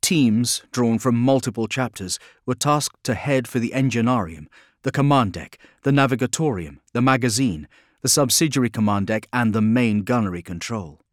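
Male audiobook narrator, measured and even, dry booth sound. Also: medium pitch, no room sound. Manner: steady, measured storytelling. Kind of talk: scripted narration.

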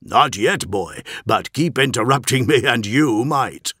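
A man voicing a reckless, gleeful male engineer in an audiobook, talking in an excitable, teasing way with a raised voice. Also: mid-range voice, measured pace, breathy edge, no echo, clean studio sound, pitched above the performer's own voice. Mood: urgent, mocking. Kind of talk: audiobook character voice.

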